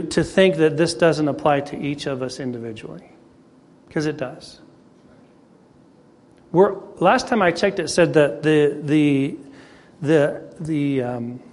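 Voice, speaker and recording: A male preacher speaks to his congregation in a folksy, storytelling way. His voice sits high for a man and echoes with a long reverb through a church hall. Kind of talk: sermon.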